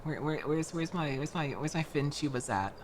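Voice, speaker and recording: A young woman from Florida, chatting casually on a livestream while building a model kit, animated and quick to laugh, with frequent restarts. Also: sits low, noisy background. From Florida, United States. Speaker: streamer.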